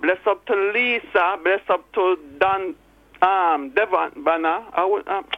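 A hoarse woman with a Jamaican accent calling in to a radio show, pleading earnestly and encouraging someone. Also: fairly low pitch, a little slow, no room sound. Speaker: caller. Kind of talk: radio call-in. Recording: tinny phone line, dry.

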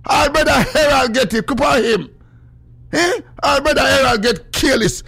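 Gravelly Jamaican man ranting on radio. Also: animated, moderate pace. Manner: swings between loud preachy shouting and low mumbled asides. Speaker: radio show host. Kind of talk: animated call-in radio rant.

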